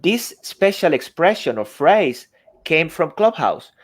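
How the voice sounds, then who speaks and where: A man's voice: on the high side, big pitch swings, takes it slowly. Man with an accent, coaching emphatically. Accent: non-native English accent. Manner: emphatic, coaching with rhetorical questions. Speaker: podcast guest, NLP coach. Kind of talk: conversational coaching talk. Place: remote podcast setup with desk mic.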